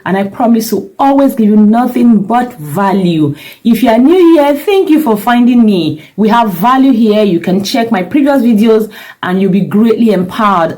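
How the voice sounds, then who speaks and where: A woman's voice: medium pitch, warm tone, rough recording. A middle-aged woman, a parenting coach giving earnest, emphatic advice straight to camera and repeating her key points. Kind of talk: direct-to-camera advice talk.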